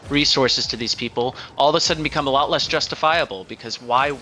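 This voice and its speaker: Blunt man, bright voice. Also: medium pitch, fast talker, slight background noise. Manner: blunt and assertive. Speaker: podcast co-host. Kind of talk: casual opinionated chat.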